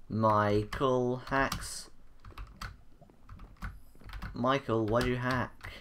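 A man's voice: mid-range voice, a little slow, long pauses, sharp tone, slight background noise. A man giving gameplay commentary, frustrated and self-mocking as he plays. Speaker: gamer.

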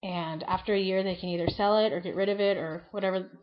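A woman's voice: medium pitch, steady tone, fast talker, lo-fi sound. A woman of about nineteen chatting casually to camera in a rambling vlog, full of likes and ums. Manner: chatty and rambling, heavy use of "like" and "um". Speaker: beauty vlogger.

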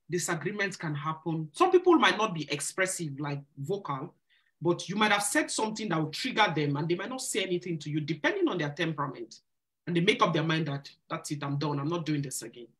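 A woman with a fairly low voice hosts a live church Q&A for singles. She gives marriage advice in an earnest, preacherly way and repeats phrases to drive each point home. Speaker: church singles ministry host. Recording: live stream.

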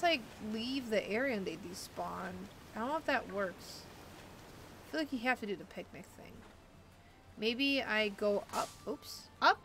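A woman streamer chatting and rambling casually as she plays a video game. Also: on the high side. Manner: rambling, chatty, thinking aloud. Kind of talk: casual chat while playing a video game.

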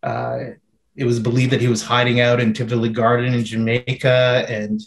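Man, filmmaker in a Q&A, flat even delivery, searching and thoughtful, roomy echo. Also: mid-range voice, moderate pace, gravelly. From Canada. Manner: thoughtful, searching, many fillers and restarts. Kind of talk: Q&A interview answers. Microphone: video call.

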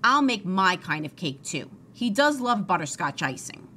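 A woman's voice: lowish voice, big pitch swings, moderate pace, pushed and bright, slight background noise. A woman voicing a cheerful, literal-minded housekeeper who talks in a folksy, matter-of-fact way.

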